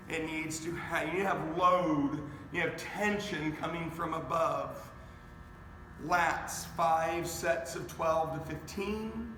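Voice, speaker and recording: A high-voiced fitness coach leads a live online workout from his garage home gym, taking his time yet staying energetic. He counts out reps and addresses viewers directly. The echoey room gives a long reverb, with a faint hum of ambience behind him.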